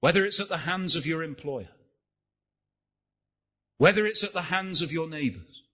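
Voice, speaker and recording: Man, preacher, impassioned sermon, husky voice, slightly high, lo-fi church recording. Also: expressive, normal speed. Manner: impassioned, rising and falling delivery with rhetorical questions.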